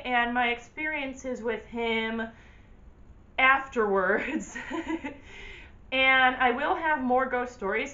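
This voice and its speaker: A woman in her twenties, a vlogger, telling a personal story to camera in a candid, animated, blunt way. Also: fairly high pitch, muffled recording.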